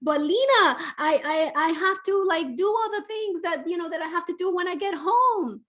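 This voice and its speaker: A woman's voice: lively intonation, normal speed, a bit bright. Woman doing a whiny frazzled mom. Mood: pleading. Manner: whiny, pleading, high-pitched. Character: frazzled pleading busy mother, adult woman.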